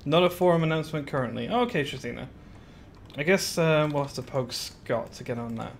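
A man's voice: fairly high pitch, animated, a little fast, creaky, slight background noise. A man chatting casually on a live stream while building in a game, greeting viewers by name with giggly asides.

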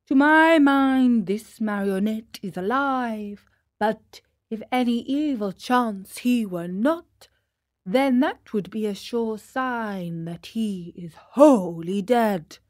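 A fussy, formal owl doctor politely corrects his colleague, as a woman puts him on. He speaks slowly in a fairly high voice, recorded close and dry. It is a storybook reading. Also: darkish tone, no echo. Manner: measured, formal contradiction.

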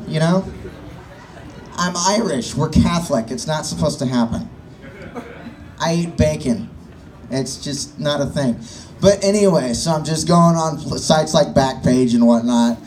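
A man's voice: on the high side, a little mellow. A man in his late twenties doing a crude, self-mocking stand-up set on a bar stage, talking straight to the crowd. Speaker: stand-up comedian. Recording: distant mic with faint room noise.

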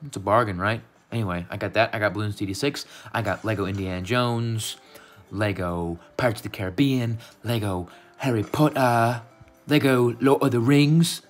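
His voice sits lowish and moves at a normal pace, with faint music underneath. This U.S. gaming YouTuber hosts a relaxed vlog from his room, goofy, meandering and fondly playful.

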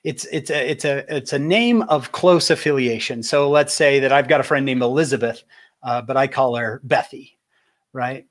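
Man, faith speaker, lively storyteller, mid-pitched, slows for key points. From Utah, USA. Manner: animated storyteller, slows for emphasis. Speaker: public speaker.

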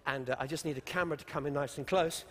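A man giving a humorous, animated conference keynote, talking straight to a large audience. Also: on the high side, fast. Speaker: keynote speaker. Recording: long hall reverb from stage mic.

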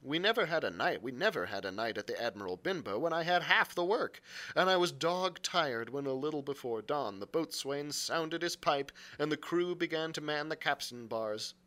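Guy reading a storybook out loud, bright voice, bit high, trips on a word now and then. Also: normal speed. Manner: expressive storytelling with occasional slips and self-corrections. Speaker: library reader. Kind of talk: reading a novel aloud on a live show.

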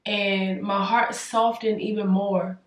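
A woman's voice: medium pitch, flat delivery, slow pace, distant mic, faint music behind. A young woman earnestly sharing a personal faith testimony as a vlogger, building her points through preacherly repetition. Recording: roomy sound, away from the mic.

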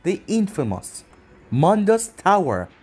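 A man's voice: high-pitched, wildly swooping pitch, slow pace, a little mellow, husky, faint music behind, voice pushed up, exaggerated voice. Nevan, a sly teasing demoness, read by a man. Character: seductive scheming demoness witch, sly and teasing.

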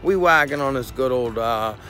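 A man casually chatting and reviewing his cannabis gear in a vlog, excitable and swearing constantly in slangy talk. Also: medium pitch, normal speed, music in the background. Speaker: cannabis vlogger. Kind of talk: casual profane vlog chat.

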